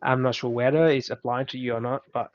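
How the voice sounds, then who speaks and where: Man, Vietnamese native speaker, casual advice, halting non-native English, muffled lo-fi recording. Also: mid-range voice, fairly even intonation. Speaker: mentor giving advice. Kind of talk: casual conversation.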